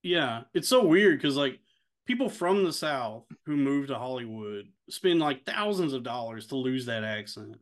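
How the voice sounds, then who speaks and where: A man in his thirties co-hosting a casual podcast, laughing often and acting out quotes in a higher voice. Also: big pitch swings, normal speed. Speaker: podcast co-host. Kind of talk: casual chat.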